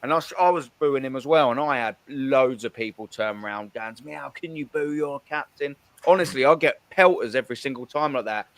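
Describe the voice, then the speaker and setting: A man hosting a call-in chat, animated and blunt, swearing freely as he tells stories from the stands. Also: mid-range voice, fairly quick, hardly any pauses, no room sound. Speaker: host. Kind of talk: casual chat.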